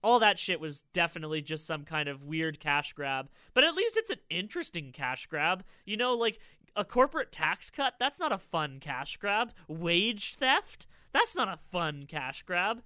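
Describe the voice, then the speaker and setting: Bright, sardonic male podcast host. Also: sits high, big pitch swings, normal speed, clean tone, no room sound, clean studio sound. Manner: sardonic, explanatory. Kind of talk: casual chat.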